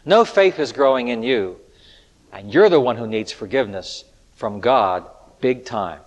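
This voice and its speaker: A man preaching an earnest sermon, with rhetorical questions and shifts between loud appeals and hushed lines. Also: medium pitch, lively intonation, measured pace. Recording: echoey hall with long reverb.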